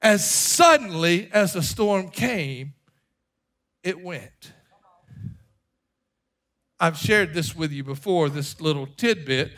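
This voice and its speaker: A middle-aged male pastor preaching a sermon with emphatic delivery that swings from hushed asides to shouted appeals. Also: a little high, animated, takes it slowly, long pauses.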